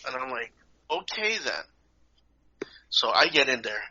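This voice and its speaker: A man, a podcast co-host, telling a lively story in casual chat, acting out the people in it, in a dull lo-fi recording. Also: mid-range voice, brisk. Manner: animated, acts out voices.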